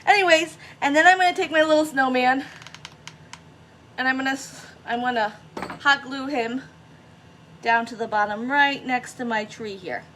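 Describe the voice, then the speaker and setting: A woman's voice: high voice, moderate pace, pauses often, fairly bright tone, slight background noise. A woman chatting through a craft tutorial, self-deprecating and talking straight to her viewers. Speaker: craft vlogger.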